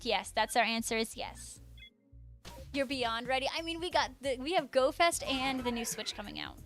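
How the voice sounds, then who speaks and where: This young woman livestreaming has a high voice with huge pitch swings, a normal pace, and a bit of brightness, with faint music in the background. She reads chat messages in a bubbly, gushing way, calling viewers by name as she chats casually.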